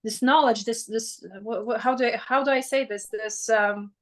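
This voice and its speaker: A woman hosting an interview, talking haltingly and searching for her words over a video call. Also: a little high, fairly even intonation. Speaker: interview host. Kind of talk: casual conversation.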